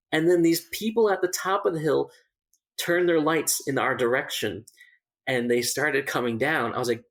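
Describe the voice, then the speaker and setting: His voice is mid-range and fairly bright with vocal fry, moving at a moderate pace. A survival instructor, he recounts a story casually on a podcast, restarting and using fillers a lot while laughing through funny bits.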